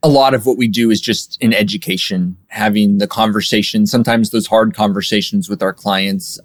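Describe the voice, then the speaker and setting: Man, low voice, casual interview guest explaining his business, lots of "you know". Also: a little fast. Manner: relaxed, filler-heavy explaining. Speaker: guest, software agency owner.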